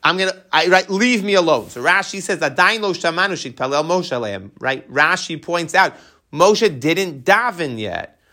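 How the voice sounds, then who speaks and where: A man teaching a text study class, animated and tossing rhetorical questions to his students. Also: fairly high pitch, normal speed.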